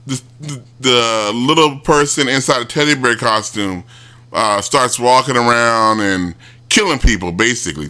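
A man casually retelling a show, rambling with many restarts and mimicking people in high yelps. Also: pushed and bright, clean tone. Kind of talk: casual commentary.

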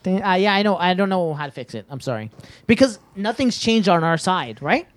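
A man hosting a gaming podcast, brisk and joking, swearing casually while checking the sound. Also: high voice, sing-song. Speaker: podcast host. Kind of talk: casual chat.

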